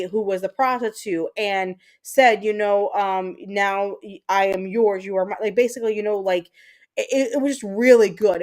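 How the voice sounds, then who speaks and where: A woman hosting a livestream, chatting casually with her viewers in a rambling way, full of fillers and the odd swear word. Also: medium pitch. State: mentally exhausted. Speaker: livestream host. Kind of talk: casual chat with live viewers.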